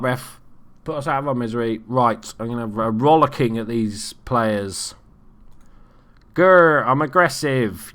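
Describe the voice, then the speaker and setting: A young man giving casual, sweary commentary on his football management game as host. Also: mid-range voice. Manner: swears freely, reacts loudly to plays. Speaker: let's play host.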